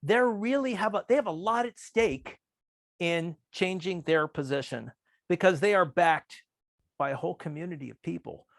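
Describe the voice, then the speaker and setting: A man giving a talk on persuasion, speaking in a calm, measured way and acting out quoted remarks with changes in pitch. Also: vocal fry, no room sound, studio quality. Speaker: workshop presenter. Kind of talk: presentation on persuasive communication.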